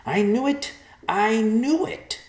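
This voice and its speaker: A man voicing a lonely, mocking old male vulture who talks slowly and sneeringly. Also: fairly low pitch, huge pitch swings, roomy sound, exaggerated voice. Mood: gloating.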